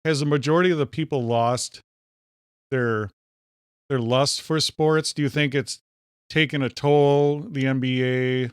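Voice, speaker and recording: A man's voice: mid-range voice, fairly even intonation, measured pace, smooth, dry recording, clean studio sound. A man with a light Minnesota accent hosting a casual podcast, teasing and cutting in on his co-host. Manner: teasing, interrupting.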